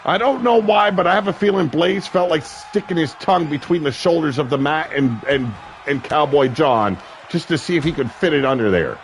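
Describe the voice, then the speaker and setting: A man calling a wrestling match play-by-play, brash and crude, with sudden shouted bursts of excitement. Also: on the high side, normal speed, a little hiss or hum. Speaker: wrestling commentator. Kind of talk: play-by-play commentary. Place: seated at a ringside commentary table.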